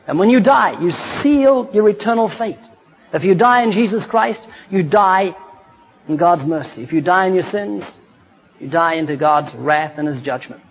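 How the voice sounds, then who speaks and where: A man preaching a fervent sermon, building to shouted emphasis on key points. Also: high-pitched, lively intonation, moderate pace, highs cut off, a little hiss or hum.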